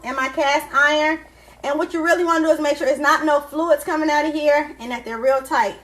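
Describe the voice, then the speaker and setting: A woman hosting a casual home cooking lesson, chatting through each step in a relaxed way. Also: high voice, brisk. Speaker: cooking show host. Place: home kitchen.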